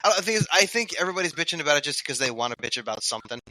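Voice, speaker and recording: A man in his forties, a podcast guest, quick and jokey in casual chat. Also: on the high side, sing-song, sharp tone, dry recording.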